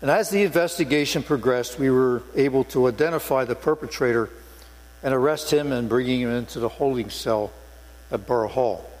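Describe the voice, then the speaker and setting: A man's voice: mid-range voice, a little fast. An older man, a former police sergeant, preaching a sermon in a church sanctuary with earnest storytelling and emphatic stresses. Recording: long hall reverb with mains hum.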